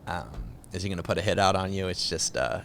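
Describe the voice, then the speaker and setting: Low-voiced young man, casual and profane. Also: fast, slight background noise. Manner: loose, profane, animated storytelling. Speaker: podcast co-host. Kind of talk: casual chat.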